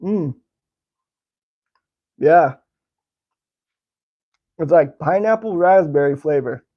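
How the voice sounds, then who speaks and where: A man's voice: fairly high pitch, animated, slow, muffled recording. An American man hosting a slingshot channel, chatting casually with viewers and answering their comments while tasting candy. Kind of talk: casual live-stream chat, tasting candy.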